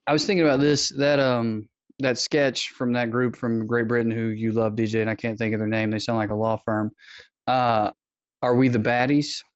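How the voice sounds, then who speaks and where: A man's voice: mid-range voice, flat delivery, moderate pace, no echo. Jokey man hosting a podcast. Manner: jokey, rambling, self-deprecating. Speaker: podcast host. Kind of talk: casual podcast chat. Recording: dull, slightly lo-fi remote audio.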